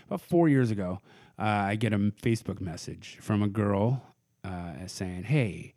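A comedian guest in his forties from Portland speaks in a lowish, dark voice at a normal pace. In casual podcast chat he tells rambling stories and acts out other people's voices.

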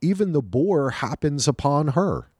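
A man co-hosting a podcast in casual chat, talking in a lively, animated way. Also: fairly high pitch, unhurried, slightly rough, dry recording, clean studio sound. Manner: animated, lively storytelling with acted quotes. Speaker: podcast co-host.

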